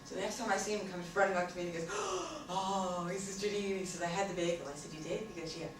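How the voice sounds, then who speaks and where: A woman's voice: lowish voice, very fast. New York woman telling a story in an echoey hall. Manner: animated, acts out both sides of the story. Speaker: speaker on communication. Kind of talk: storytelling talk to an audience. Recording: distant echoey room with noise.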